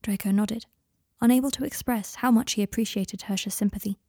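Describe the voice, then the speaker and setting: A woman narrating a fan fiction audiobook in a calm, even reading voice. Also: medium pitch, a little fast, husky, dry recording, studio quality.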